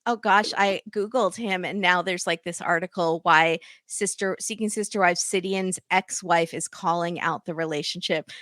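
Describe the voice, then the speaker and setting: A woman guest on a reality-show chat podcast, with a bright, sharp-edged voice at middle pitch. She jokes quickly and laughs in the middle of sentences. The sound is close and dry. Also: steady tone, dry recording.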